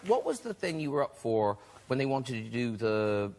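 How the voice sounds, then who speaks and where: A man's voice: medium pitch, very animated, normal speed, a little mellow, a faint crowd, slight background noise. A man with an Irish accent hosting a TV chat show, asking playful, teasing questions. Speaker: talk show host. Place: TV studio.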